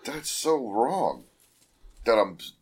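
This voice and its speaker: A man's voice: medium pitch, big pitch swings, slow pace, husky. A man co-hosting a casual comedy podcast, a bit buzzed on beer, crude and laughing often. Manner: crude, joking, laughs a lot. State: tipsy from beer. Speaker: podcast co-host.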